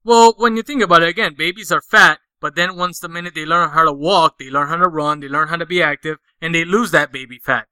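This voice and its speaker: A man's voice: fairly high pitch, fast talker, hardly any pauses, bright, forceful tone, smooth, dry recording. A man, co-hosting a podcast in casual, crude, joking chat, swearing often. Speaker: podcast co-host.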